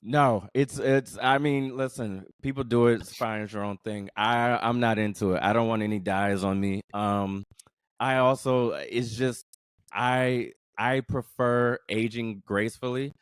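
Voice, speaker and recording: A male comedian co-hosting a podcast, talking in a measured, reflective and playful way. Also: medium pitch, fairly even intonation, clear, resonant tone, no room sound, clean studio sound. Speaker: podcast co-host; stand-up comedian. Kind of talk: casual comedic chat.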